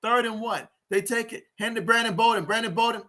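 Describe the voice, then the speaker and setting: Bright-voiced excitable sports fan host. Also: male voice, very high voice, a little fast. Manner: excitable fan, shouts and groans at plays; reads viewer chat comments aloud. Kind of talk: live game watch-along commentary.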